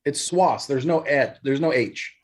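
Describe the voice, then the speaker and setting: A man's voice: medium pitch, unhurried. A middle-aged man co-hosting a casual podcast, telling stories in an easygoing, dryly joking way. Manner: easygoing storyteller, dry joking. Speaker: podcast co-host. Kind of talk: casual chat.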